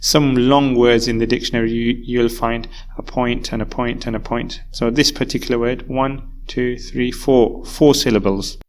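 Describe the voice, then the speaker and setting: A man's voice: mid-range voice, fairly even intonation, normal speed, hardly any pauses. A man teaching a recorded English vocabulary lesson, explaining patiently and repeating key words. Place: university course video.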